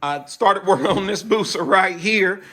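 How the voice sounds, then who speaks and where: A man's voice: sits high, normal speed, bright, forceful tone. A man chatting casually to camera in a motorcycle shop, telling a rambling story. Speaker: bike builder vlogger.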